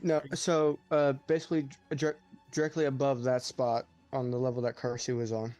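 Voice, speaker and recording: A man playing in a tabletop game, talking quickly and restarting while explaining his plan. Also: medium pitch, level tone, darkish tone, faint music behind. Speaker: player. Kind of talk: casual tabletop game chat.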